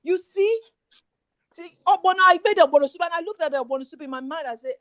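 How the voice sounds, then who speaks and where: High-voiced woman telling stories. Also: fast talker, dry recording. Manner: animated storytelling, acting out quoted dialogue. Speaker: guest on a relationship talk show. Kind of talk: casual chat.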